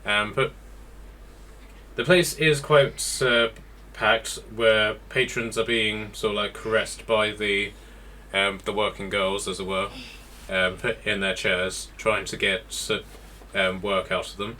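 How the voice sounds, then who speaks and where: A man's voice: fairly low pitch, little pitch movement, slow pace, bright, forceful tone, slight background noise. A man running a tabletop game as game master, narrating scenes with many ums and restarts.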